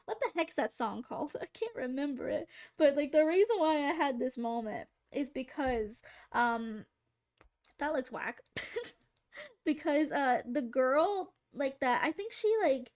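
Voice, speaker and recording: Animated and measured, a woman with a high, darkish voice chats with viewers during a drawing live stream. Her talk is giggly and rambling, with attempts at silly voices.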